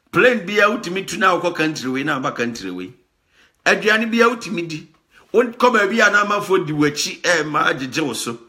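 Speaking in a high, sharp-toned voice, this Ghanaian talk show host delivers animated commentary that switches between Twi and English. He makes his points emphatically, repeats words often and laughs frequently.

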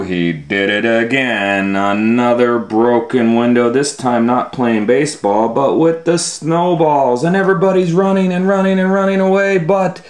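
Reading a picture book aloud at a children's storytime, a man with a mid-range voice performs expressively, swinging from loud scolding calls to hushed asides.

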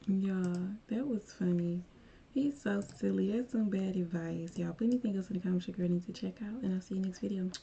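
A woman's voice: mid-range voice, fairly quick, vocal fry, mellow. A woman hosting a reaction video, talking to her viewers in a chatty, upbeat way. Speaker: reaction channel host. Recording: dull lo-fi home recording with faint noise.

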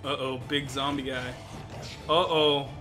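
Excitable, laughing gaming commentator. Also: medium pitch, unhurried, over music. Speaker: game commentator.

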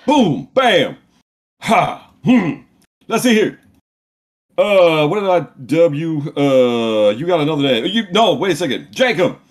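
A high, husky man hosts a podcast quiz game. He drawls slowly and swings his pitch all over while cracking crude, self-mocking jokes. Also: sing-song. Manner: crude, giggly, self-mocking, drawn-out delivery. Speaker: host running a quiz game. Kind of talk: loose comedic podcast banter.

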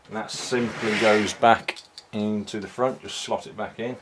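A male hobbyist reviewing toys gives a casual product walkthrough in a lowish voice. His relaxed show-and-tell is unhurried and halting, full of ums and restarts. Faint room hiss is audible.

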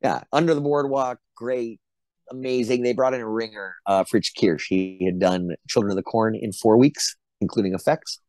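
A man's voice: lowish voice, steady tone, moderate pace, a little mellow, no room sound. A middle-aged man, an actor being interviewed, telling casual anecdotes and acting out the quotes. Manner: chatty storyteller, acts out quotes. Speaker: actor guest.

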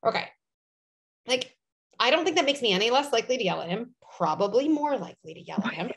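A woman, a psychologist talking as a guest in an interview, animated and full of "like" and "you know", sometimes acting out voices. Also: a little high, fast talker, gravelly. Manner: animated, filler-heavy, acts out quoted voices. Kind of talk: conversational interview.

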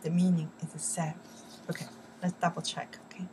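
A woman teaching vocabulary, who says words loud and slow and drops into soft, quick English asides. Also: on the low side, level tone, a little hiss or hum. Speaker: Chinese teacher. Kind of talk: language lesson.

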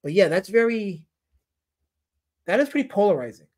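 A man's voice: high-pitched, big pitch swings, normal speed, darkish tone. A man hosting a casual livestream about comic artists, rambling, answering his chat and putting on playful mock outrage.

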